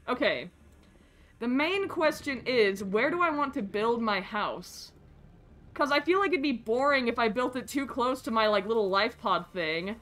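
An American woman streams a video game, talking excitably and rambling as she plays. Her voice is bright and a bit high, and she swears freely in her casual commentary. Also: normal speed.

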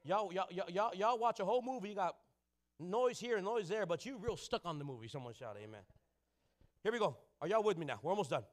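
A young adult man preaching a rousing sermon, calling for the congregation to answer and often breaking into shouts. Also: high voice, lively intonation, brisk.

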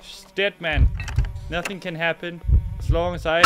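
A high-voiced man comments on horror games at home into a desk microphone, speaking a little slowly with music in the background. This gaming video creator shrieks, swears and jokes at the scares in front of a green screen, on a noisy home game recording.

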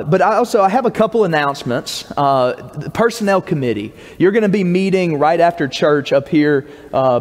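A man's voice: fairly high pitch, in a large hall. A man, a pastor telling a joke and giving announcements in a folksy, casual way from the pulpit of a church. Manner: folksy, casual storytelling with filler words. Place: church sanctuary.

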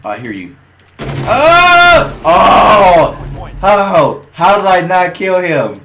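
A man calls out his gameplay with a high, swinging voice that leaps into yells and laughter. He talks unhurriedly and trash-talks his opponents. There is a clear hiss of noise under the recording. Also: sing-song, a little slow. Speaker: gamer streamer. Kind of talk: gameplay commentary.

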